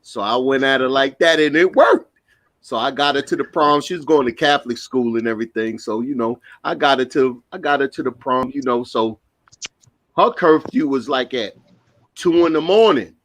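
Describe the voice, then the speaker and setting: A man's voice: mid-range voice, normal speed, fairly bright tone. Laid-back New York man telling stories. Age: middle-aged. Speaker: podcast co-host. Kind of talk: casual storytelling.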